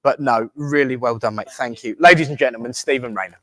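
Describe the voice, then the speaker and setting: A man's voice: mid-range voice, a little fast. A man hosting a church service, giving closing notices in a jokey, teasing, chatty way. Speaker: service host. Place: village hall.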